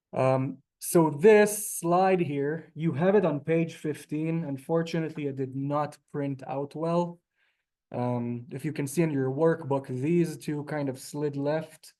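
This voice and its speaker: Leading a Hebrew lesson by video call, a man from Israel explains things patiently, one step at a time, and responds politely to his students' questions. His voice is a little high and mellow.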